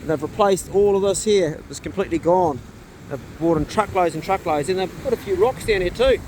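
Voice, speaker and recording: A laid-back man narrates a casual vlog outdoors, chatting easily and talking to his dogs. His voice sits slightly high for a man. Wind and outdoor noise are clearly audible under him. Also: fairly quick, darkish tone. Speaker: vlogger. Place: outdoors in forestry and in a truck.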